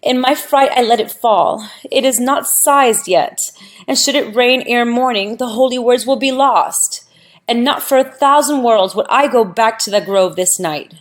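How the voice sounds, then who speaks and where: A woman voicing a frightened young male scribe in a scripture audiobook, speaking urgently and rising in pitch. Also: normal speed, natural voice. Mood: distraught.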